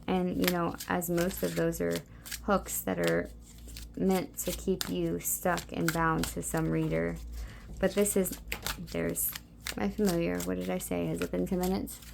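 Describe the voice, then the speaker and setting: Low, gravelly-voiced woman reading cards. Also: little pitch movement, a little slow, noisy background. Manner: soft, intimate, meandering with many "like" and "okay". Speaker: tarot card reader. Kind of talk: spiritual pick-a-card reading.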